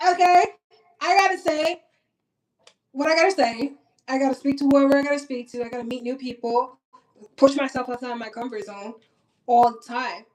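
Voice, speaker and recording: A woman's voice: high-pitched, rough recording. A blunt young woman from Minnesota chatting casually while getting ready, swearing freely and talking straight to her viewers. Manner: blunt, profane and animated, talks straight to viewers. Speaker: vlogger. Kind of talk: casual get-ready-with-me chat.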